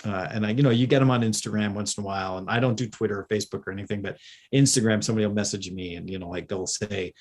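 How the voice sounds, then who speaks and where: A man's voice: lowish voice, racing. A man, a guest makeup effects artist, telling stories in a casual interview, rambling with many fillers and restarts. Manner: lively when retelling anecdotes.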